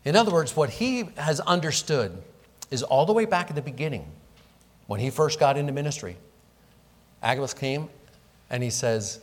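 A man's voice: mid-range voice, lively intonation, normal speed, long pauses. Guy preaching a sermon, earnest, lots of questions to the crowd, swoops up and down a lot, echoey church. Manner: earnest, explanatory, rhetorical questions. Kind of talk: expository sermon. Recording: long reverb of a hall.

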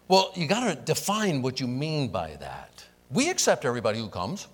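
A man's voice: mid-range voice, huge pitch swings, normal speed, husky, rough recording. A man teaching a Bible class as pastor, asking the class rhetorical questions and answering them himself.

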